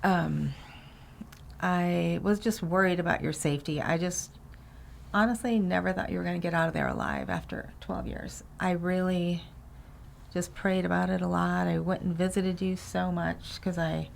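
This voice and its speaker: A middle-aged mother speaking in a hesitant, halting way in a family conversation. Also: fairly low pitch, vocal fry, a little hiss or hum. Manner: soft-spoken, hesitant, halting. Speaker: mother of the storyteller.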